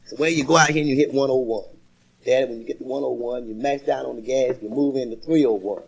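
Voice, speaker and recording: A man's voice: mid-range voice, fairly even intonation, fast, vocal fry, husky. A man doing a folksy stand-up comedy routine, telling stories and laughing at his own jokes. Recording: noisy vintage live recording.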